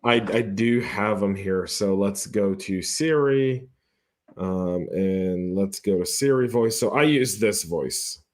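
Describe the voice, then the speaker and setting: A man co-hosting a casual tech podcast, trying out phone features as he talks, with halting restarts and dry jokes. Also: lowish voice, a little mellow. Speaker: podcast co-host.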